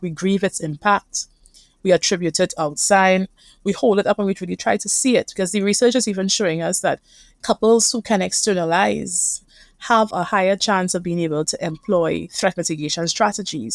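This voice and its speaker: A woman's voice: on the low side, dry recording, clean studio sound. A woman with a Caribbean accent, a couples therapist speaking earnestly and reflectively as a guest in a conversational interview.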